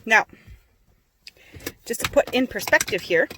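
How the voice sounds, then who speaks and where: A woman's voice: a little high, expressive, measured pace, background noise. A woman in her twenties, chatty and self-mocking, telling a casual story about her own life for a vlog. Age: 20s. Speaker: vlogger.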